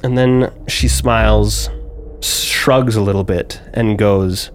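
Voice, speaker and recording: A man narrating as game master of a tabletop game, describing scenes in a slow, descriptive way. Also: on the low side, steady tone, slight background noise. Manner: slow, descriptive, with small restarts.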